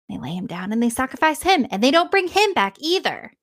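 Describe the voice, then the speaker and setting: A woman's voice: fairly high pitch, animated, brisk. A woman retelling an old myth in a casual, chatty way, with laughing asides. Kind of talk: casual storytelling.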